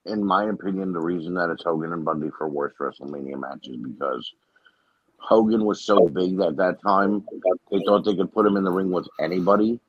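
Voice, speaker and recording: A man's voice: sits low, brisk, slightly rough, no echo, muffled recording. A man on a podcast panel chatting casually, giving blunt opinions and swearing now and then.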